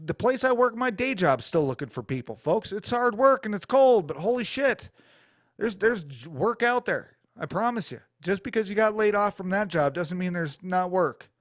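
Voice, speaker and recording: A crude, rambling American man hosts his own radio show, talking in a rather high voice. His delivery is blunt and profane. The studio mic gives a dry, close sound. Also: no echo. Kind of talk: profane talk-radio rant. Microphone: studio mic with adjustable EQ.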